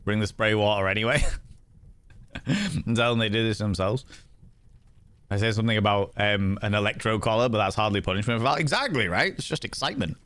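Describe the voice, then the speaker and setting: A man's voice: lowish voice, lively intonation, a little fast, a bit bright. Joking, swearing man playing a game. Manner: joking, swearing, laughing, riffing. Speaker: streamer. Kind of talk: casual let's-play commentary.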